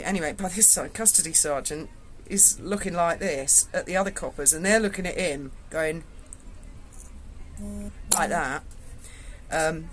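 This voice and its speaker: A woman's voice: deep voice, unhurried, long pauses, a little hiss or hum. A woman, telling a frank, salty story to her viewers from indoors at home. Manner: chatty, frank and salty, with swearing. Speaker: vlogger.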